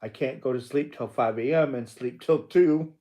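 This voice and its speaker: A man's voice: mid-range voice, normal speed, mellow. An older man hosting a casual live stream, answering viewers and teasing them playfully, often laughing. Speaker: livestream host.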